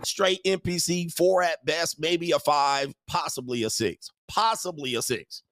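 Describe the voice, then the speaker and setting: A man's voice: on the high side, unhurried, a bit bright, dry recording, studio quality. Crude, mocking man hosting a rant. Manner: crude, mocking, laughs often. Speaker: show host. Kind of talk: livestream rant.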